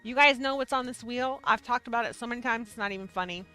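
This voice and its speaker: Bubbly, high-pitched woman streamer. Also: fast talker, clear, resonant tone, soft background music. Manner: bubbly, excitable, chatty with viewers. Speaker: livestream host of a yarn shop show. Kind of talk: casual livestream chat.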